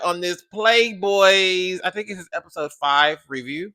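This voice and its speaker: A man reviewing a reality TV episode in a casual vlog, slangy and rambling, swinging from loud bursts to low mutters. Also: a little slow, no echo, studio quality. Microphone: camera on a tripod.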